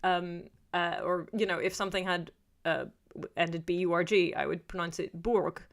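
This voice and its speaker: Woman streamer, slightly low pitch, loose digressive chat, dry self-mockery. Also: little pitch movement, moderate pace, gravelly. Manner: chatty, digressive, self-deprecating. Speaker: YouTuber reading live chat. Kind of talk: casual livestream chat.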